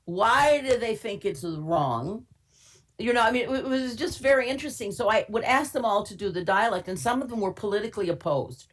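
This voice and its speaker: In a fairly high-pitched, animated voice and at a brisk clip, an older Minnesota woman who works as a casting director shares anecdotes during a webinar interview. She's chatty and candid, with wry humor and many fillers.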